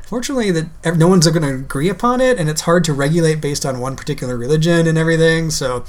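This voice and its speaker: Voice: medium pitch, fast talker. Rambling, laid-back podcast co-host. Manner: rambling, laughs often, fillers. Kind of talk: casual chat.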